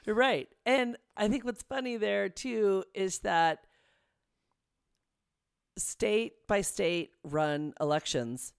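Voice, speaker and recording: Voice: medium pitch, slow, vocal fry, clean tone, no room sound, clean studio sound. A podcast co-host who grew up in the United States, chatting casually and enthusiastically and laughing often. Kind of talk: casual chat.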